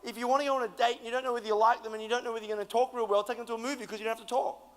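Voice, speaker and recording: A man's voice: very high voice, level tone, very fast, fairly bright tone. A man, giving a playful youth sermon as a guest speaker and telling a story with laughter. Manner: playful, laughing, acts out quoted voices. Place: large church hall. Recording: echoey hall with long reverb.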